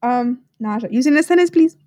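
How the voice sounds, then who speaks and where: A young woman from Texas co-hosting a podcast in casual chat, joking and quick to laugh. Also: on the high side, animated, mellow. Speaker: podcast co-host.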